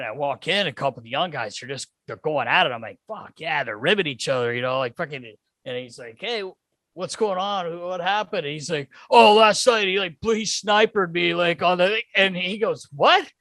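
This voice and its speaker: A man's voice: mid-range voice, bright, forceful tone, no room sound. A middle-aged man co-hosting a podcast, telling hockey road stories in a boisterous, laughing way and swearing often. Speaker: podcast co-host, former hockey player. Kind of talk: casual storytelling chat.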